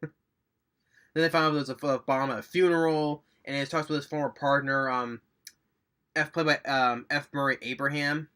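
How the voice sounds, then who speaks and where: A man's voice: on the high side, fairly even intonation, moderate pace, sharp tone, clear, resonant tone. A man giving a casual, rambling movie review, recapping scenes with enthusiasm and little chuckles.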